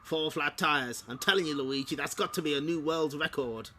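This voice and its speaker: A man's voice: a little high, moderate pace, bright, forceful tone, a little hiss or hum. A man reading the lines of a cheerful cartoon plumber hero in a plain, upbeat way.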